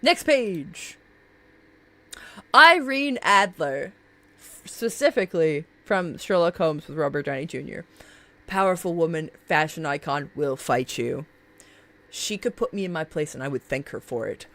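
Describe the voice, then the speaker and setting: A woman's voice: deep voice, animated, measured pace, fairly bright tone. A woman streaming live in a casual chat, gushing about favorite characters, laughing often and swearing freely.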